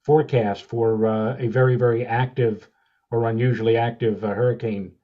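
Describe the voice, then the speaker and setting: A man co-hosting a weather podcast, explaining a space image step by step in a measured way. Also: mid-range voice, little pitch movement, narrow, tinny audio. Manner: measured, explanatory, with many uh fillers. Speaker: podcast co-host, meteorologist.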